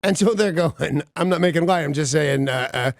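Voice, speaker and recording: Gravelly guy hosting morning radio, kinda high voice, dry studio mic, rambles and restarts a lot. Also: brisk, dry recording. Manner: rambling, self-mocking storyteller with many restarts. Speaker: radio morning show host. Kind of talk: casual on-air banter. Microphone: studio microphone.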